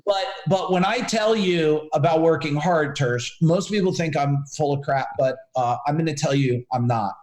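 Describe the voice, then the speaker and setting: A man in his forties tells stories as a guest on a casual podcast, lively and direct with the host. His voice sits high for a man. The room around him echoes noticeably. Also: moderate pace, hardly any pauses. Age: 40s. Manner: animated storyteller, addresses the host by name. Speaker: business coach guest. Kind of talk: casual podcast interview storytelling. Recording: roomy echo.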